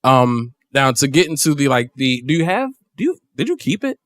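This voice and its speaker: A man's voice: mid-range voice, very animated, moderate pace, fairly bright tone, no room sound. A man hosting a podcast in a studio, chatting loosely and rambling, and laughing often. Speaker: podcast host. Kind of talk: casual podcast chat.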